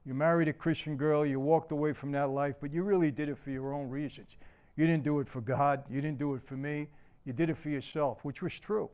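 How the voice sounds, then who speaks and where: A man's voice: fairly high pitch, steady tone, brisk, darkish tone, clean tone. An older man, a motivational speaker giving an earnest personal testimony and talking straight to the audience. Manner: earnest storyteller, addresses the audience as people.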